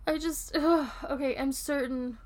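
A woman's voice: high-pitched, steady tone, a little slow. A woman playing a tipsy, rambling young girlfriend. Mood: tipsy affectionate. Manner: rambling, giggly, soft and intimate. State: drunk. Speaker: role-play performer. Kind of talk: audio role-play to the listener.

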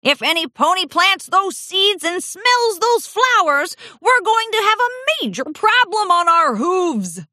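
A woman voicing a grumpy, forgetful old male pony gardener in a storybook reading, with a gruff, grumbling manner. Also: high voice, sing-song, a little slow, sharp tone, no echo, studio quality, voice pushed up, exaggerated voice. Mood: alarmed. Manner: gruff, grumbling, stammers when flustered.

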